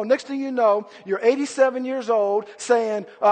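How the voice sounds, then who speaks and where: Man, preacher, high voice, impassioned sermon, long hall reverb. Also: normal speed, hardly any pauses. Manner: impassioned, swinging between loud outbursts and low murmurs.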